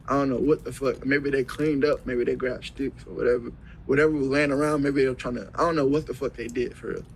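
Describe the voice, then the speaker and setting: A young man speaks at an ordinary middle pitch, telling his story in rough, profane slang. He acts out what everyone said, in a loose, casual flow, with a faint hiss of noise behind him. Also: fairly bright tone, rough recording. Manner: profane slang-heavy retelling, acts out quoted dialogue. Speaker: interview guest.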